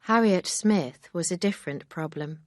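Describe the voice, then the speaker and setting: A woman narrating a graded-reader audiobook in a calm, steady reading voice. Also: lowish voice, normal speed, dry recording, studio quality.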